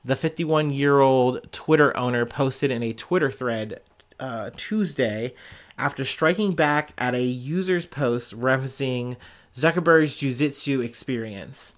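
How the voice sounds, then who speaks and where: A man's voice: mid-range voice, unhurried. A man hosting a casual solo news podcast, jokey and sarcastic, laughing often as he riffs. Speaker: podcast host.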